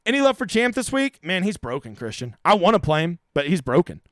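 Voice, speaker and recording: A man's voice: sits high, sing-song, brisk, fairly bright tone, no echo, studio quality. A man hosting a casual live-stream Q&A, reading viewer questions aloud and answering them bluntly, with the odd swear word. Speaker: fantasy golf streamer.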